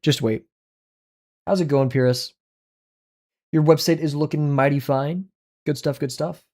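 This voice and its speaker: A man's voice: fairly high pitch, measured pace, darkish tone. A young man livestreaming while he draws, chatting loosely with viewers in a rambling, self-deprecating way. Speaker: drawing livestreamer. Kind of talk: casual chat while drawing on stream.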